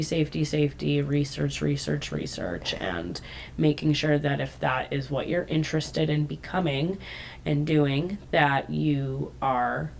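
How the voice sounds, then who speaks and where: A woman co-hosting a casual podcast, chatting and explaining terms from her notes, often dropping into a soft, low voice. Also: vocal fry, slight background noise. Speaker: podcast co-host.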